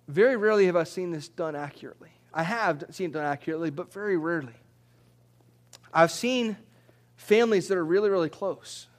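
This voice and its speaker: A man with a high voice preaches to his congregation. He talks in a loose, conversational way, often repeating words before he finds them, and climbs higher when he drives a point home. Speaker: pastor. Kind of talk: sermon.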